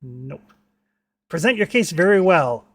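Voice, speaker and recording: A man's voice: a little high, big pitch swings, a little slow, a bit bright, dry recording. A man narrating a tabletop game as game master, rambling with many filler words.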